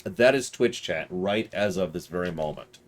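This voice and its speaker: A man's voice: low voice, moderate pace, noisy background. A man streaming a video game live, reading in-game documents aloud between joking asides. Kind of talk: live gameplay commentary.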